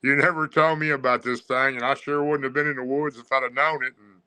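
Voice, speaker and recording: A man recounting a personal encounter in casual, rambling storytelling, with frequent pauses and restarts. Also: medium pitch, flat delivery, sharp tone, smooth, poor audio.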